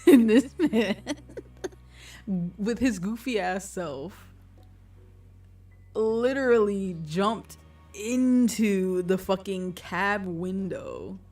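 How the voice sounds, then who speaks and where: A woman's voice: medium pitch, very slow, long pauses, warm tone. A woman streamer in casual chat, laughing often and swearing casually. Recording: distant mic with faint music.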